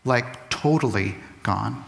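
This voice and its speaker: A man giving a lively, conversational Bible lesson to kids. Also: medium pitch, slow pace, vocal fry. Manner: lively, conversational, acts out quotes. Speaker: Bible teacher. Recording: long reverb of a large hall.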